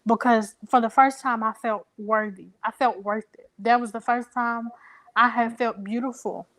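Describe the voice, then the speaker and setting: Emotional young woman, higher voice. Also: fairly even intonation, a bit bright. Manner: emotional, halting, many fillers. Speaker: interview guest. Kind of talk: personal storytelling.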